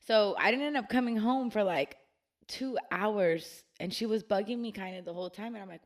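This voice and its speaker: Young woman on a podcast, slangy and cussing a lot, mid pitch, animated storytelling. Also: fast talker. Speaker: podcast co-host. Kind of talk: casual chat, storytelling.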